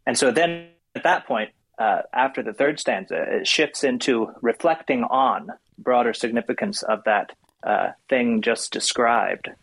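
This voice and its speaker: A man's voice: mid-range voice, unhurried, few pauses, a bit bright, low-quality recording. A man with a nasal voice who talks about poems with hesitant, thoughtful fillers and then reads one aloud. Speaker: poetry discussion co-host. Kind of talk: casual discussion and poetry reading.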